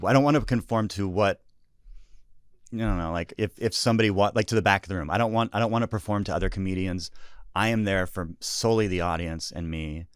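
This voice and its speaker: A man who is a comedian, talking as a podcast guest in a rambling, reflective, deadpan way. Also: low voice, clean tone, dry recording, studio quality. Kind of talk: casual podcast chat. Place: podcast studio.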